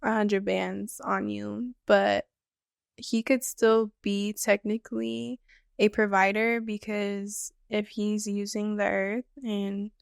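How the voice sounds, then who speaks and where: Slow, gravelly-voiced woman. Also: mid-range voice, level tone, no echo, studio quality. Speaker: podcast co-host. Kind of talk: casual podcast chat.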